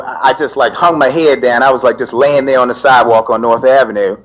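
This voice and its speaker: Middle-aged man, lawyer, animated personal storytelling, lots of "you know", mid-pitched, dull lo-fi sound. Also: fast talker, few pauses. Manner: animated, frequent "you know" fillers, laughs through it. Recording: dull lo-fi recording.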